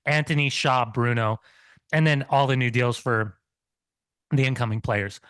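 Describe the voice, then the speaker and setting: A man's voice: mid-range voice, unhurried, fairly bright tone, smooth, dry recording. A man co-hosting a football podcast, making earnest points about the team while his mouth burns from hot sauce. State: mouth burning, sweating. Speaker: podcast co-host. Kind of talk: casual football chat.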